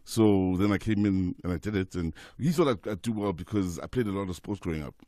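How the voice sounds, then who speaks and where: Man, 40s, rapid lively anecdotes, radio studio guest. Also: low-pitched, no echo. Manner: lively anecdotes with quoted voices. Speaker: guest football commentator. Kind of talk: casual radio interview storytelling.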